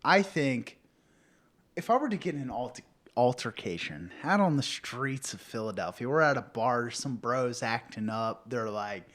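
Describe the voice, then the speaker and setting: A male podcast co-host with an animated comic delivery. He riffs in loose banter, his voice swinging up and down as he slips into silly voices. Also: mid-range voice, moderate pace. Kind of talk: casual comedic banter.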